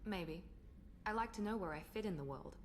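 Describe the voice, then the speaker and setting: A woman's voice: medium pitch, animated, fairly quick, a little hiss or hum, lightly acted. An actress playing a proud, guarded woman officer in a game, composed and self-assured. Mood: cool.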